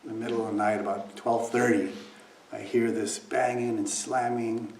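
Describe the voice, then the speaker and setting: A man's voice: fairly low pitch, level tone, moderate pace, a little mellow. A man giving a meditation talk, telling a personal story, acting out quoted voices and dropping to near whispers at times. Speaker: meditation teacher. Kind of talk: dharma talk. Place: meditation hall. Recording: echoey room, mic at a distance, faint noise.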